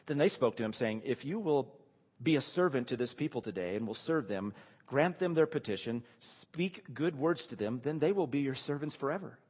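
A man in the pulpit working through a scripture passage, with a middle-pitched voice that swings between calm reading and animated questioning. His words ring out with a long reverb, as if spoken in a large church hall. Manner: reads verses then asks rhetorical questions, animated. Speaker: pastor. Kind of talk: expository sermon reading scripture.

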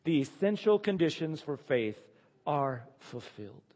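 Husky guy preaching a sermon, kinda high voice, big swings from loud to quiet, long echoey hall. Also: sing-song, a little slow. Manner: emphatic, swings between loud declarations and hushed asides. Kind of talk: sermon with scripture reading.

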